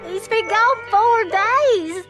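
Tammy, a squeaky Southern cartoon girl. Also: a bit bright, faint music behind, heavily acted. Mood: worried. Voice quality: very high, slow, drawling. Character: naive young Southern girlfriend, sweet and trusting. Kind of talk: cartoon voice acting.

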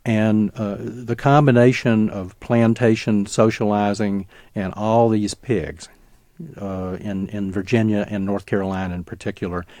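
A low-pitched man talks through history as an interview guest, with many restarts and fillers along the way. The sound is dry and close, with no room around it. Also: steady tone, unhurried, warm tone, no echo. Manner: fluent storyteller with frequent restarts and fillers. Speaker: author and guest. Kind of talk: radio interview, explaining history.

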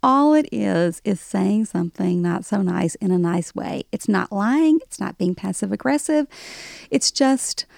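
Gravelly woman author, playful. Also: medium pitch, expressive, a little slow, darkish tone, dry recording, clean studio sound. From American South. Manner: laughing, playful storyteller. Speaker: author guest. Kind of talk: radio interview. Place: radio studio. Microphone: studio mic.

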